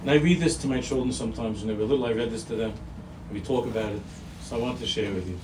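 A rabbi preaching to his listeners, a man with a lowish voice who tells a story earnestly and leans on repeated phrases. He is picked up from a distance in an echoing room. Steady noise sits behind his words. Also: fast talker. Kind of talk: sermon with storytelling.

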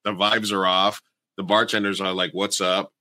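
Bright-voiced man telling a bar story. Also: low voice, moderate pace, dry recording. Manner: animated storyteller, swears freely, acts out quoted people. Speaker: podcast co-host. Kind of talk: casual storytelling chat.

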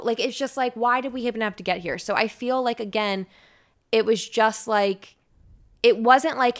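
A woman's voice: a little high, moderate pace. A young woman in casual podcast conversation, telling a long-winded story and acting out the people in it. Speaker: podcast guest, radio personality.

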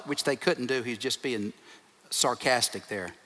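A man's voice: mid-range voice, lively intonation, measured pace, pushed and bright. A man, a pastor, preaching a sermon to his congregation in an emphatic way, piling up short repeated phrases. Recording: long reverb of a large hall.

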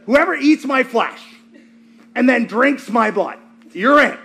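A man playing a pushy, coaxing figure who pitches to his followers like a salesman, in a comic sermon aside. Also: animated, slow pace, vocal fry, bright, forceful tone, slightly rough, heavily acted. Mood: salesy.

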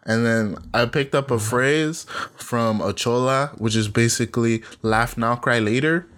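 This is a man in the middle of a loose podcast conversation, talking with animated energy and breaking into laughter often. His pitch sits in a middle range, and he keeps dropping into playful put-on voices. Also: measured pace. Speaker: podcast co-host. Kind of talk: casual chat.

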